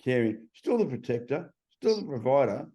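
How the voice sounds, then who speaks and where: A man's voice: medium pitch, big pitch swings, moderate pace, warm tone. A middle-aged man in a casual interview. He is a transformation coach who talks bluntly and swears freely.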